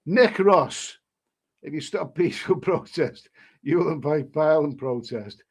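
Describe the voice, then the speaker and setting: A man's voice: a little high, animated, a little slow, slightly rough. A man hosting a casual live stream, reading viewer comments aloud and answering them with rambling, chuckling asides and many restarts.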